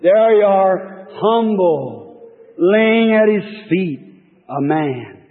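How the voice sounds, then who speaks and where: A man preaching a fervent sermon, retelling scripture in folksy speech with swings from loud to hushed. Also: high-pitched, lively intonation, extremely slow. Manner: fervent, rising and falling storytelling, folksy speech. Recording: tinny lo-fi old sermon tape, reverberant hall.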